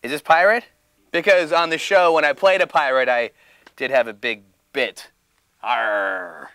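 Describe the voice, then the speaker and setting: Bright, fairly high man, playful and jokey in a casual interview. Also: expressive, normal speed, dry recording. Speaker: voice actor interviewed about a game.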